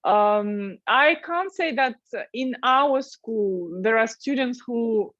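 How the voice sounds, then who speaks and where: A slow, careful woman with a Russian accent talks as a guest, pausing often on fillers. Her slightly high voice comes through a dull, lo-fi call line that sounds dry and close. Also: expressive, a bit bright, dry recording. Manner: hesitant, many uh fillers, careful non-native phrasing. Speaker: language school director. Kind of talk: interview guest.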